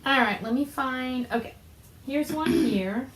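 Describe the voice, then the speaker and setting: A woman's voice: high voice, measured pace, a little hiss or hum. A woman co-hosting a knitting podcast in casual chat, chatty and trailing off mid-sentence. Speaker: podcast co-host. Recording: echoey room with faint ambience.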